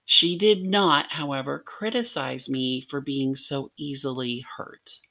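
A middle-aged woman from Arkansas teaches a devotional lesson on a podcast, her voice extremely low-pitched, unhurried and sharp in tone. She tells a personal story earnestly, with light laughs.

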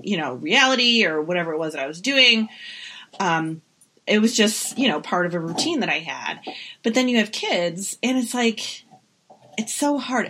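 A woman's voice: medium pitch, fairly bright tone. A woman hosting a casual podcast conversation, musing reflectively with filler words before asking her questions.

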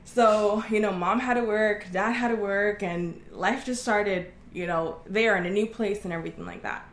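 A woman's voice: mid-range voice, fairly even intonation, normal speed. A woman from Oklahoma giving a candid, earnest personal testimony as an interview guest, acting out the voices of people in her story. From Oklahoma, USA. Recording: echoey room.

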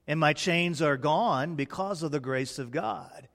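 Male pastor, dramatic sermon delivery, slow and measured, voice a bit higher than most men. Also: vocal fry. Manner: dramatic preaching, swinging from loud declarations to hushed near-whispers. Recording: long reverb in a large hall.

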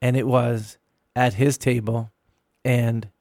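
A middle-aged man, a pastor, earnestly recounting a sermon he preached and slowing down to stress key words. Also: medium pitch, level tone, a little mellow, no echo, clean studio sound.

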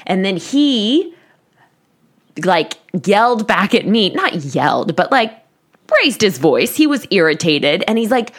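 A woman's voice: medium pitch, big pitch swings, a little slow. A woman in her thirties, a coach, candidly telling listeners a personal story in a self-deprecating way. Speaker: life coach.

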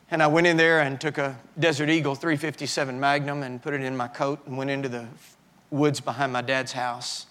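Male pastor, older, higher-pitched, personal testimony sermon that builds loud and then drops low. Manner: swings from shouting fury to quiet, halting confession.

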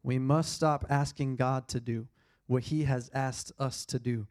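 A man's voice: mid-range voice, steady tone, measured pace, darkish tone. A young man preaching a sermon in an earnest, conversational way, repeating his key points. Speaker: pastor.

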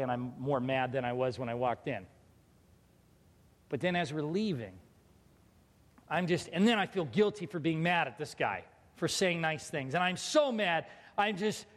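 A man with a high voice shares a personal faith story and acts out each person's lines. He speaks with strong feeling. His voice rings with the long reverb of a big hall. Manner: emotional, animated, quotes people in dialogue. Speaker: pastor telling a personal story. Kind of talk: storytelling testimony.

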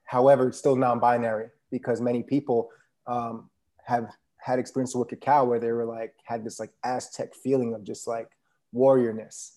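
A man's voice: mid-range voice, flat delivery, moderate pace, warm tone. A man chatting casually as a podcast guest, laid-back and rambling with many fillers. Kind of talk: casual conversation.

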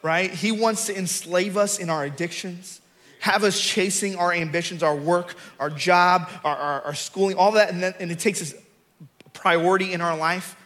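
High-voiced male preacher. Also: moderate pace. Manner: builds from calm storytelling to shouted emphasis. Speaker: pastor. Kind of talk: sermon.

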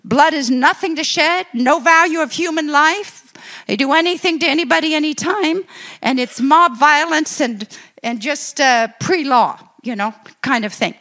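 A middle-aged woman preaching, telling a testimony story and acting out her own excited quotes. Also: high-pitched, moderate pace. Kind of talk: sermon testimony.

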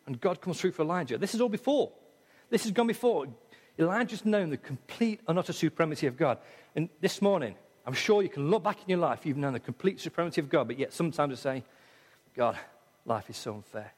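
A middle-aged English-accented man delivers a sermon in a church, his voice sitting fairly high for a man. He is dramatic, acting out the voices in his quotations and moving between loud passages and quiet ones. A long reverb trails behind his words. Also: lively intonation, quick pace, husky. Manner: dramatic, acts out voices in quotes, swings loud and soft. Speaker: preacher. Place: church hall.

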